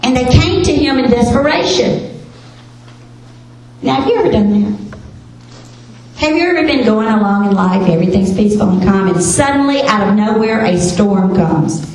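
A woman teaching a women's Bible study, expressive, asking rhetorical questions and reading scripture aloud. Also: medium pitch, normal speed, pauses often. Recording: very echoey room, faint hiss.

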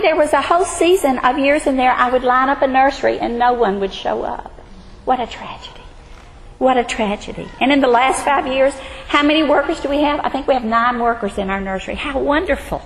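High-voiced woman in her sixties teaching. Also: slight background noise. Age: 60s. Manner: earnest, emphatic, emotional at times. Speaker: Bible study teacher. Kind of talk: women's Bible study teaching. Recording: hall reverb, faint ambience.

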